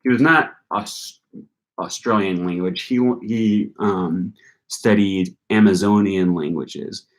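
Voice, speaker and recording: A man's voice: low-pitched, slow. A young man hosting a live-stream Q&A, chatting casually and thinking aloud with frequent ums. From North Carolina. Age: young adult. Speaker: channel host answering viewer questions.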